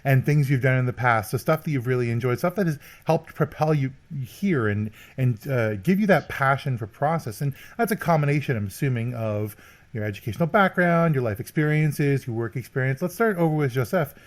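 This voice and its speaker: A man's voice: mid-range voice, expressive, a little fast. Wry Canadian man co-hosting a podcast. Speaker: podcast co-host. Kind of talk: casual chat.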